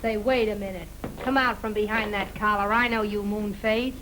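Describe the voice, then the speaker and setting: An actress playing a brassy, wisecracking nightclub singer, in a 1930s film comedy. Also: female voice, mid-range voice, fairly even intonation, fairly bright tone, slight background noise, close to an everyday voice, low-quality recording. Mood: sassy. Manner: brassy, sassy, quick-witted.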